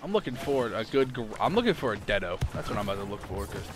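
A man giving casual, excitable commentary while playing an online combat game, swearing and calling out targets to teammates. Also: fairly low pitch, quick pace. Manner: excitable, swears a lot, laughs often. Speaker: gamer streaming his point of view in a clan war. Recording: music playing behind.

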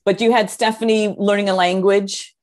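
A woman co-hosting a webinar, reading audience comments aloud in a halting way with many fillers. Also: medium pitch, level tone, darkish tone. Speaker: co-host reading the chat.

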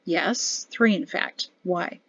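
A woman voicing a grown man, a son and husband, speaking calmly and wryly in a lowered voice. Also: slow pace, breathy edge, no echo, heavily acted.

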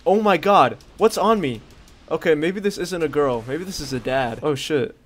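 A young man giving crude, rambling commentary while playing a game, yelling at it when things go wrong. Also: on the high side, lively intonation, moderate pace. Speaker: gaming streamer. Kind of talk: casual gameplay commentary.

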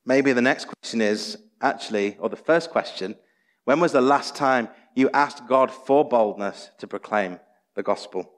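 With a mid-range voice at a measured pace, a man preaches as pastor, earnestly urging his listeners and posing many rhetorical questions. The sound rings with the long reverb of the church sanctuary.

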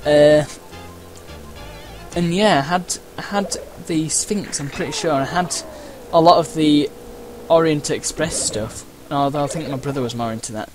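A man's voice: fairly high pitch, unhurried. A man giving casual, rambling let's-play commentary while racing, full of uhs, side stories and playful exclamations. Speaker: gameplay commentator. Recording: game music and sound effects behind the voice.

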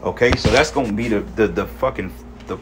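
Over background noise, a man on the low side delivers a heated, profane scripture lesson. He recites verses in measured cadence, and his sentences keep closing on "man" or "okay."

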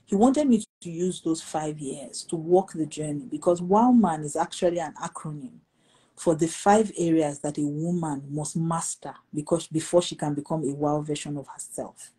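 Woman, middle-aged, pastor, mellow tone, breathy edge, animated storytelling. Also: normal speed, poor audio. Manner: animated, acts out quoted dialogue with pitch jumps. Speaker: pastor and guest. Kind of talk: storytelling testimony in conversation.

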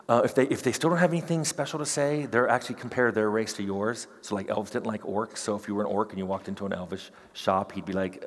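A middle-aged man giving a fast, animated conference talk, slipping into quick character voices. His voice is low, gravelly and husky. The sound carries a long reverb from a big hall.

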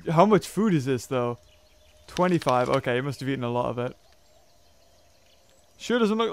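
A man giving excitable let's play commentary, laughing, yelping and muttering to himself as he plays. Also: a little high, unhurried, gravelly, pauses often, no echo. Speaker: gameplay commentator.

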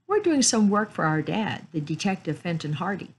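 A woman's voice: on the low side, big pitch swings, normal speed, a little hiss or hum. A woman voicing a polite, earnest teenage boy detective.

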